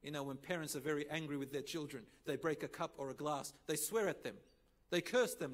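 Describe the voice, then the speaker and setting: A man delivering a sermon in English with Arabic phrases mixed in, telling stories and acting out the dialogue with sudden loud rises. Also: fairly high pitch, a little fast. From Lebanon. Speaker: preacher. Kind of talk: sermon with storytelling.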